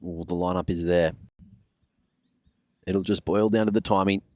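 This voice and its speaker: A man giving calm, analytical color commentary on a live esports match. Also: sits low, moderate pace, dry recording.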